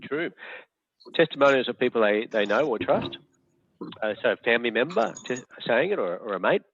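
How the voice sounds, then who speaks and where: A man's voice: medium pitch, sing-song, fairly quick, a bit bright, slight background noise. A man running an online leadership workshop, chatty and hesitant, full of fillers and restarts. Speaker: workshop facilitator. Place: home or office on a video call. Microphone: video call. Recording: tinny phone-like online call audio.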